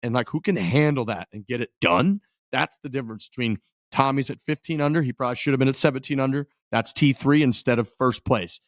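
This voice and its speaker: A man's voice: medium pitch, a little fast, dry recording. A man co-hosting a golf podcast, talking in a rambling, casual way full of fillers. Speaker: podcast co-host. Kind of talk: casual chat.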